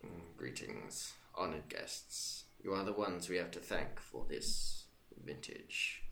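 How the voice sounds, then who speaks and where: Guy doing a stiff bored baron, deep slow mumbly voice, barely bothered. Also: expressive, gravelly, pushed and bright, reverberant, full character voice. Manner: slow, low, muttering. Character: stiff unenthused male noble baron.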